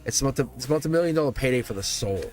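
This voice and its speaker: Male tarot livestream host, mid pitch, loose rambling delivery with frequent chuckles, soft music under. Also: animated, racing. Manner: rambling, repeats phrases, chuckles often. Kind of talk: live tarot reading, casual spiritual talk.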